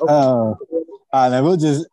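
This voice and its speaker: A man co-hosting a podcast in casual chat, animated and hyping up the banter. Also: medium pitch, slight background noise, poor audio. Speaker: podcast co-host.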